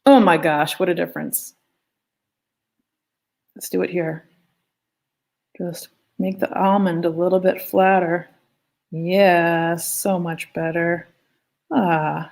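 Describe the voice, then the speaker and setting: A woman's voice: fairly low pitch, fairly even intonation, takes it slowly, creaky, pauses often, a little mellow. A woman teaching a live online drawing lesson in a chatty, playful way, talking as she draws. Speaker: art teacher. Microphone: phone.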